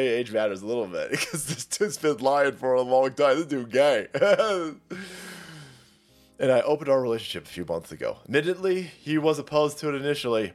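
Crude, mocking male commentary host. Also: medium pitch. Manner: crude, mocking, laughs often. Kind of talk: ranting commentary.

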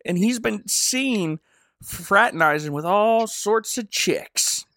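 A man co-hosting a podcast, recapping a short film in casual comedic chat with deadpan delivery and lots of giggling. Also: sits high, slow, no echo, clean studio sound. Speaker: podcast co-host.

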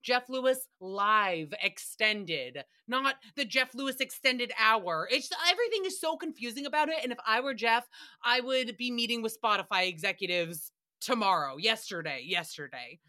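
Bright, animated young woman podcast host. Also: a little high. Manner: animated, swearing, joking, doing quick voices. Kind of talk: casual recap chat.

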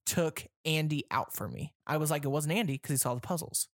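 A podcast co-host chatting casually about a film, relaxed and quick to agree, retelling scenes. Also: mid-range voice, dry recording, studio quality. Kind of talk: casual film review chat.

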